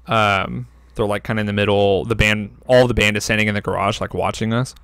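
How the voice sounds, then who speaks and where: A man's voice: fairly low pitch, steady tone, brisk, a bit bright, clean tone, no room sound, studio quality. A young man co-hosting a podcast, telling a story in a loose, rambling way with lots of fillers and swearing. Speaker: podcast co-host. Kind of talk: casual storytelling.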